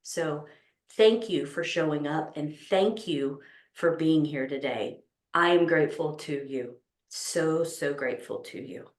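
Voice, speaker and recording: A woman's voice: sits low, unhurried, reverberant. A woman with a Texas accent hosting an online business summit, talking enthusiastically with many ums and restarts. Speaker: summit host. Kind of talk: opening remarks at an online summit.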